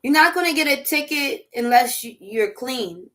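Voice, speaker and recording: A woman chatting casually over dinner as a vlog host, animated, laughing often and riffing through asides. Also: high-pitched, moderate pace. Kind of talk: casual chat while eating dinner.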